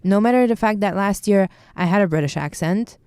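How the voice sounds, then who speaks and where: A young woman in her twenties from Bulgaria, speaking English in a casual podcast chat, animated and opinionated. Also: medium pitch, clean tone, no room sound. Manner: animated, opinionated, quick asides. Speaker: podcast co-host, university student.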